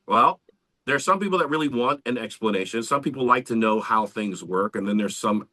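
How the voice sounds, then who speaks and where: A man chats on a podcast with a bright, forceful voice. He talks in an animated, casual way and swears freely. His pitch sits mid-range for a man. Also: a little fast. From Central Florida, US. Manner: animated, swearing, lively storytelling. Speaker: podcast co-host, band member.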